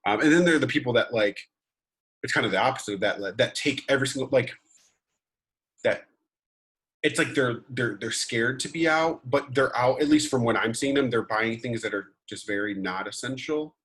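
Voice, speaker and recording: A man's voice: mid-range voice, moderate pace, a bit bright, slightly rough. A young man co-hosting a podcast, chatting casually in a rambling way. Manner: rambling, many fillers and restarts. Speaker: podcast co-host. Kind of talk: casual chat.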